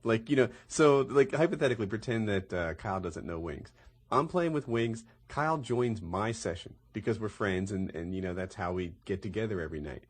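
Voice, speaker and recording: A man's voice: on the low side, expressive, a little fast, breathy edge. A young man chatting casually with friends about gaming, rambling and correcting himself as he tells stories. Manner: rambling, self-correcting storyteller. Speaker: YouTube gamer, podcast host. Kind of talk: casual group chat.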